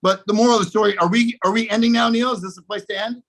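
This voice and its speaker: A man with a fairly high voice tells a casual story on a video call. He is animated, restarts his sentences and keeps checking in with his listeners. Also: very fast, poor audio. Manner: animated, restarts often, repeats "okay?". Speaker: guest speaker in a sales coaching session.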